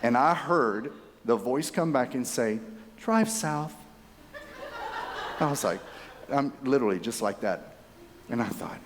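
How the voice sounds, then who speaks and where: Animated man telling his story in a hall. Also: medium pitch, unhurried, pauses often, slight background noise. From Texas. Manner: animated, chatty, addresses audience directly. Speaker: keynote speaker. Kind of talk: conference keynote storytelling. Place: conference hall. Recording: reverberant conference hall.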